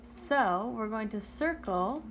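A woman leads a small child through shapes and counting in an online preschool lesson. She speaks very slowly, with a fairly high voice that rises and falls a lot. Faint room noise sits under her voice. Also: lively intonation. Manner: slow, sing-song teacher talk with counting and praise. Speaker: teacher.

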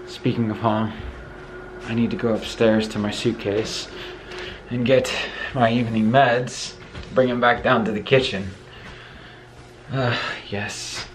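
A man's voice: mid-range voice, a little slow, a little hiss or hum, low-quality recording. A man with congested lungs and a Northeastern US accent, talking casually in a tired, rambling way while vlogging as he moves around his house. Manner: tired, relaxed and rambling, with fillers. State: congested lungs, occasional coughing. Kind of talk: casual home vlog. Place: house, moving between rooms.

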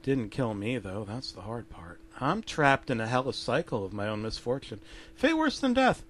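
A man narrating a comedic horror story in a deadpan, mostly low-key way with sudden loud outbursts. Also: moderate pace, husky.

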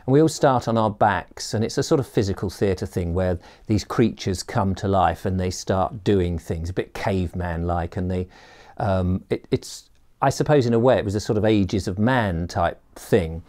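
Lowish voice guy telling an old story, rambly and chatty, lots of ums. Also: normal speed, darkish tone. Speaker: storyteller and performer. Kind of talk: personal story told to camera.

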